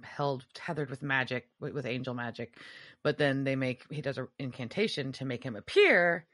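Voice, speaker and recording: A woman's voice: rumbling low, normal speed, fairly bright tone. A woman co-hosting a podcast, casually retelling a TV episode and acting out the characters' lines. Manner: retells scenes acting out quotes. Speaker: podcast co-host. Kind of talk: casual recap chat.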